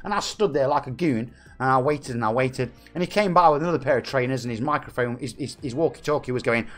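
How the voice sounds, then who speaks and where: On his live stream, a man from England in his 40s banters with viewers and reads their messages aloud in a chatty, jokey way. He's a fast talker with a medium-pitched, fairly bright voice.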